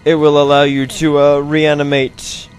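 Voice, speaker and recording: A man's voice: a little high, completely flat delivery, unhurried, clean tone, faint music behind. A man hosting a video game let's play, talking through it in a chatty, rambling, self-mocking way. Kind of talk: casual gameplay commentary.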